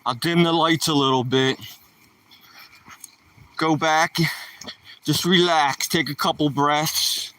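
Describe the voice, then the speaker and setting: A man's voice: on the high side, steady tone, takes it slowly, pauses often, bright, forceful tone, no echo, recorded from a distance. A man streaming casually, joking around and talking to his dog while out on a walk.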